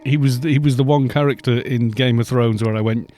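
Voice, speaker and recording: Chatty man, mellow voice. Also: medium pitch, fairly even intonation, brisk, soft background music. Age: middle-aged. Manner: chatty and rambling, laughs often. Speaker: game streamer. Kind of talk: casual chat on a live stream.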